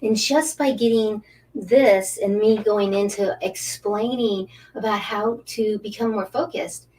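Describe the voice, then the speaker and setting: A middle-aged woman hosting an angel card reading live stream, talking in a gushing, halting way with repeated words, sometimes dropping to a breathy whisper while guiding breathing. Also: mid-range voice, steady tone. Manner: soft, breathy at times, drops to whispers during breathing guidance. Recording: slightly distant mic with faint background hiss.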